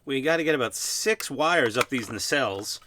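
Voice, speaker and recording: A man's voice: mid-range voice, expressive, normal speed, noisy background. A man from New York with a New York accent, chatting casually as he builds a scale model, rambling and self-mocking with many fillers. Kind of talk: casual workshop chat. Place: home hobby workbench.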